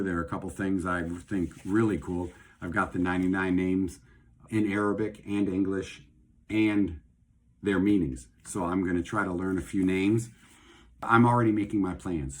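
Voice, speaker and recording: A man's voice: low voice, breathy edge. A middle-aged man hosting a casual talk on faith and health, speaking in a rambling, conversational way and repeating phrases for emphasis. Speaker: host and doctor.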